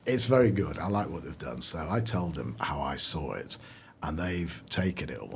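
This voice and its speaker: A middle-aged company founder rambles through his story in a relaxed interview. His voice is very low, and he trips over restarts and fillers as he goes. A faint ambient hiss sits underneath. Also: moderate pace. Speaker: founder of a clothing brand; guest. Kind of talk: casual interview chat.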